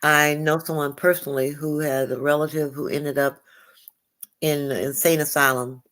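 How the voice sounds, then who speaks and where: A woman's voice: low-pitched, level tone, moderate pace, fairly bright tone. A woman calling in to a live show, talking earnestly with many fillers. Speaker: caller. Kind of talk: call-in chat.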